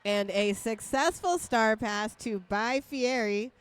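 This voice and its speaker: A woman's voice: fairly high pitch, slow pace, smooth. A woman announcing a roller derby bout live, giving play-by-play with playful, jokey banter between calls.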